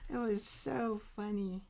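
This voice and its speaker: Slow, gravelly woman chatting while crafting. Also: medium pitch, a little mellow. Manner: chatty, rambling, laughs often; talks to viewers while painting. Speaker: art show host. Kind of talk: casual live craft demo chat.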